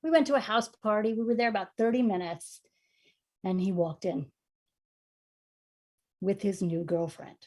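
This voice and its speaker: A woman storyteller from New York spins a humorous personal tale with theatrical flair. She pokes fun at herself and swings between hushed, quiet passages and loud, dramatic bursts. Her voice sits in a middle pitch. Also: normal speed, pauses often. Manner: lively, self-mocking, dramatic storytelling with big swings in volume.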